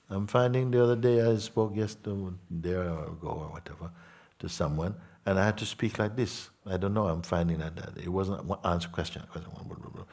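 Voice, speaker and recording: A man giving a spiritual satsang talk to an audience, gentle and unhurried, repeating simple phrases and asking his listeners questions. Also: fairly low pitch. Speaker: spiritual teacher.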